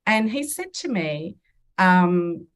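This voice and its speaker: Taking it slowly in a lowish, sing-song voice, a medium and mentor in her fifties reflects earnestly on her personal stories during a podcast interview. She performs the quoted dialogue aloud.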